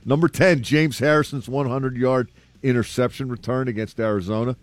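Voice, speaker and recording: A man's voice: medium pitch, steady tone, normal speed, no echo. A man hosting a casual sports talk show, reading through a ranked list and breaking in with his own thoughts, with a few "uh" fillers. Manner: conversational, thinks aloud with "uh" fillers.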